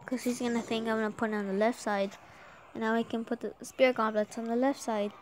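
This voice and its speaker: A woman giving excited live gameplay commentary while she has a sore throat from an oncoming cold. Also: on the high side, a little fast, slight background noise. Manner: excitable, urging the game on aloud. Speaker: gamer.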